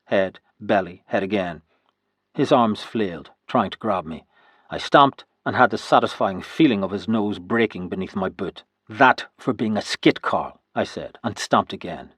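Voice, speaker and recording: A man narrates a first-person historical novel in a steady, even way. His voice is low and a little husky. The recording is dry and close, with no room sound. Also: no room sound. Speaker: audiobook narrator.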